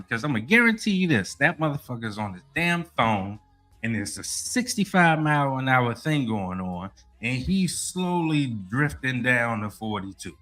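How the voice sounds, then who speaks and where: A man's voice: mid-range voice, sharp tone. A man hosting a casual podcast, talking animatedly and with plenty of profanity, often saying "you know what I mean.". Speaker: podcast host. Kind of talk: casual sports podcast talk and rant. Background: faint music.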